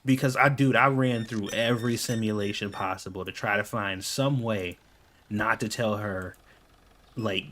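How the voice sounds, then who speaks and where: A man's voice: lowish voice, fairly even intonation, moderate pace, fairly bright tone, slight background noise. Profane exasperated man telling stories. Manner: profane, exasperated, laughs often. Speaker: gaming video creator. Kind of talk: casual storytelling over gameplay.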